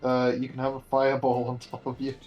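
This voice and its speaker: A man's voice: mid-range voice, monotone, fairly quick, dull audio, faint music behind. A man casually playing a tabletop game, hesitant and thinking aloud. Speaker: player.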